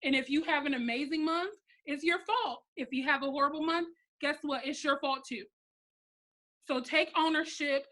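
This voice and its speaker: A woman in her thirties with a high, bright voice leads a motivational pep talk for her sales team on a live stream. She is blunt and sassy and stays animated the whole time. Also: normal speed. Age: 30s. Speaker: network marketing team leader.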